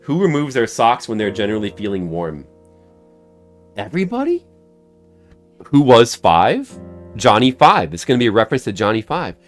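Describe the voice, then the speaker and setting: A man's voice: medium pitch, very animated, moderate pace, long pauses, soft background music. A man streaming a video game who rambles in a goofy, joking way and talks to his chat. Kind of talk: casual game-stream chatter.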